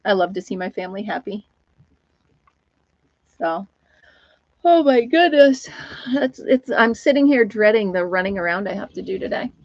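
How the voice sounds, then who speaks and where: A woman's voice: medium pitch, normal speed, long pauses, no echo. Brief: older woman hosting a home live stream, rambling friendly chatter, dry close recording, muffled lo-fi audio. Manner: rambling, chatty, laughs often. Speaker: host of a live knitting chat stream. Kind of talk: casual live-stream chat. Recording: dull, lo-fi, dry sound.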